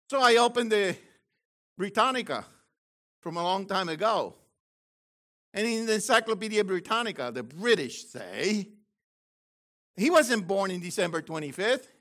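An older man delivering excited Bible teaching with a high, bright voice. He swoops all over his range and breaks into loud exclamations. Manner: exclamatory, animated, bursts of shouting. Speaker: preacher.

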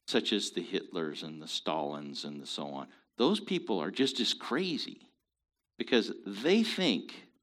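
Low-voiced guy hosting a show, preachy and emphatic, pitch swinging all over. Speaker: show host. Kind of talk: opinionated commentary.

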